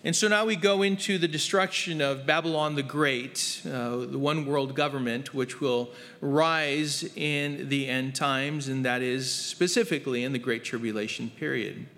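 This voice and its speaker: A man's voice: mid-range voice, fairly even intonation, normal speed, few pauses, fairly bright tone, long reverb tail. A man preaching a verse-by-verse Bible study, earnest and emphatic, with frequent fillers.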